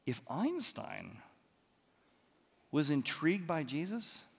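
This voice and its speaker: Animated male preacher in a big hall. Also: on the high side, takes it slowly, vocal fry, husky. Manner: animated preaching, swings from loud emphasis to quiet. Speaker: pastor. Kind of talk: sermon. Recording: long hall reverb.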